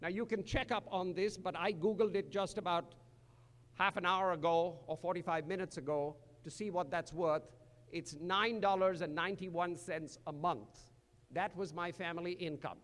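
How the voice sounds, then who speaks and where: An older man from India, giving a commencement address with dry humor and slow emphatic phrasing. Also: high-pitched, fairly even intonation, a bit bright. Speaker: commencement speaker. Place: large hall. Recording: echoey hall.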